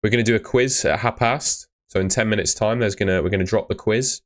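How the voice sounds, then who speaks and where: A man's voice: on the low side, fast talker. A young man chatting on a live stream, giving blunt fantasy football advice and often calling viewers "mate". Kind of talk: casual live-stream chat.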